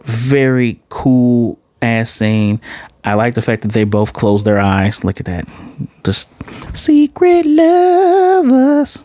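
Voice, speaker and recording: A man casually recapping and reviewing an anime episode, excitable and animated, often jumping into high-pitched voices to retell scenes. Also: unhurried, smooth, no room sound. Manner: excitable, laughing reactions, restarts.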